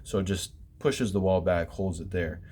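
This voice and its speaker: A man with a very low voice vents in a loose, rambling rant. He swears constantly and trips over fillers and restarts as he tells his story. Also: moderate pace, darkish tone, a little hiss or hum. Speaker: former basement waterproofing worker. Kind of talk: casual profane rant.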